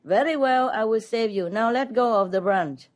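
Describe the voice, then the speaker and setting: A woman's voice: a little high, normal speed, pitched above the performer's own voice, natural voice. A woman voicing God as a weary voice from above, dryly refusing and bargaining as she tells a joke. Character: weary all-knowing God, male voice from above.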